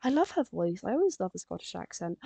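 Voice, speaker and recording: Drawing on a live stream, an English teen girl rambles chattily and leans heavily on filler words. She speaks briskly in a high, sing-song voice that is dark, slightly rough, and has vocal fry. The dry recording carries soft background music.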